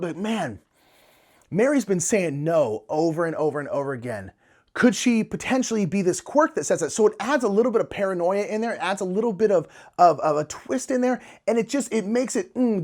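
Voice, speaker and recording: A man casually and enthusiastically reviewing board games in a chatty vlog, with plenty of fillers. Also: high-pitched.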